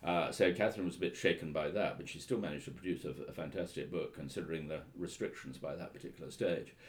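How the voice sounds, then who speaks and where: Deep-voiced hesitant male historian. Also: quick pace. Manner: hesitant, full of ums and restarts, wry. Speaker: historian and author. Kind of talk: anecdotal interview storytelling.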